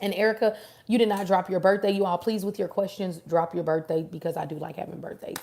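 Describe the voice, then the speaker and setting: A woman's voice: on the low side, fairly even intonation, quick pace, creaky, slight background noise. A woman giving a live-stream tarot reading, chatting casually and affectionately with viewers by name and answering their questions. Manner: chatty, warm, affirming, addresses viewers directly. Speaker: tarot reader.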